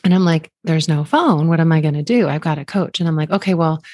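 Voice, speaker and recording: Woman, casual storyteller, low-pitched, dry close sound, animated. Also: fast, no echo. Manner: animated, laughs often, acts out quoted lines.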